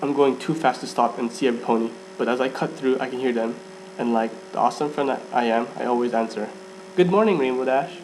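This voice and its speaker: A man's voice: mid-range voice, little pitch movement, quick pace, a little mellow, slight background noise, rough recording. Man reading a story aloud, stumbling. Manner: stumbles and restarts, laughs at himself. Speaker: fan fiction reader. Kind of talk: amateur first-person story reading.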